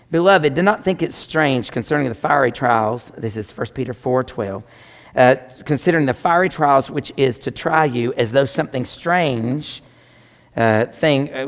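A man preaching a sermon as pastor, swinging between loud exclamations and hushed near-whispers. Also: on the high side, big-room sound.

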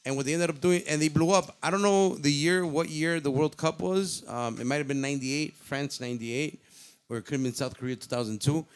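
A man in his thirties with a slightly high voice talks loosely and profanely. He drops Spanish slang into his English and gets worked up as he goes. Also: brisk, smooth. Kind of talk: casual chat.

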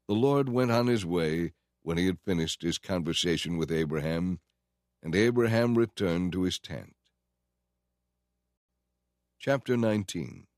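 A man giving a steady, measured scripted narration of a Bible story. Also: low-pitched, dry recording, studio quality. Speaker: scripture reader.

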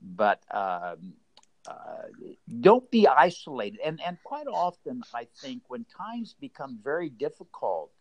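A man's voice: mid-range voice, sing-song, takes it slowly, no echo, low-quality recording. Older guy telling stories, earnest, trips over his words a lot, dry sound. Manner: earnest, repeats words and restarts often. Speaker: interview guest, former baseball executive. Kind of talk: conversational storytelling.

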